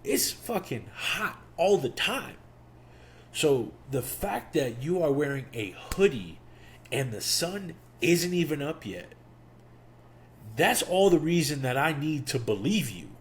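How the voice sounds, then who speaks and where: A young man hosting a podcast, telling a personal story in a casual, animated way and acting out the quotes. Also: a little high, slow, slight background noise. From Miami. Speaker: podcast host.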